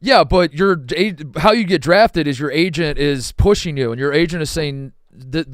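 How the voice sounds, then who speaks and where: A man's voice: fairly high pitch, moderate pace, clear, resonant tone, dry recording, clean studio sound. A man co-hosting a sports podcast, talking in a rambling, profane, casual way. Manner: rambling, profane, trails off and restarts. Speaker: podcast co-host.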